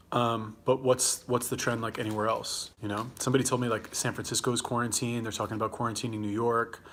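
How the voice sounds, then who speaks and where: A man's voice: medium pitch, fairly bright tone, slight background noise. A young man with a Los Angeles accent hosting a casual livestream, rambling and swearing as he answers viewer comments while eating. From California. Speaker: livestream host.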